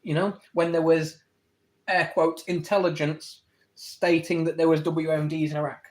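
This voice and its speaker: A man's voice: a little high, level tone, a little mellow. A man with an English accent on a live stream, arguing his points to viewers and answering their comments. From England. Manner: argumentative, rapid back-and-forth rebuttals; reads viewer comments aloud and answers them. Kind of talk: live-stream debate with chat.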